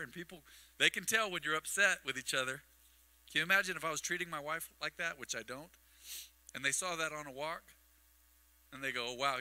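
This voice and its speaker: A pastor preaching to his congregation, his voice a touch high and very bright and forceful. He spins long personal anecdotes, slipping into the voices of the people in them and tossing off asides. The sound is dry and close. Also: dry recording, low-quality recording. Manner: storytelling with acted-out dialogue and asides. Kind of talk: sermon. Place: church sanctuary. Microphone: microphone on a livestream.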